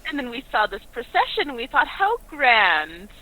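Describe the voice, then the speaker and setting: A woman playing a character in a tabletop game, polite, eager and flattering. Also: high-pitched, fast talker, a crowd in the background, low-quality recording. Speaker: player.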